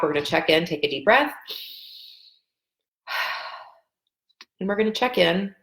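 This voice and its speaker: A woman coaching a live group through a tapping session, gently encouraging them and often pausing with ums. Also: sits low, roomy sound. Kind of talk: guided tapping session over video call.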